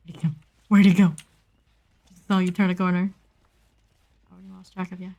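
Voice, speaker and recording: A woman with a lowish voice streams a game, talking a little fast as she chats to herself, makes playful asides, and suddenly squeals with excitement.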